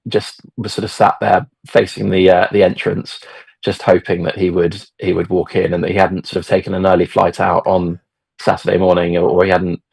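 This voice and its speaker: A middle-aged man tells a story in a relaxed, meandering way, full of fillers and restarts. His voice sits low and gravelly, with a husky edge. The recording is close and dry. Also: brisk, no room sound. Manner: hesitant, many fillers and restarts. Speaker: podcast guest, football fan. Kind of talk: casual storytelling.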